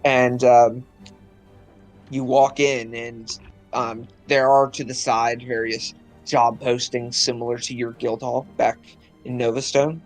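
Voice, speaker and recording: A man's voice: mid-range voice, little pitch movement, slow, soft background music. A man narrating a tabletop game as game master, rambling with lots of ums and uhs.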